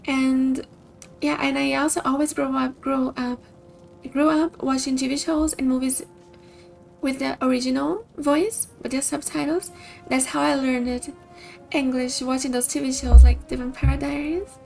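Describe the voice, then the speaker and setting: High-voiced chatty woman streamer. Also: fairly even intonation, normal speed, gravelly, darkish tone, soft background music. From Brazil. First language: Portuguese. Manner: chatty, upbeat, giggly. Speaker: game streamer. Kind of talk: casual stream chat with game commentary.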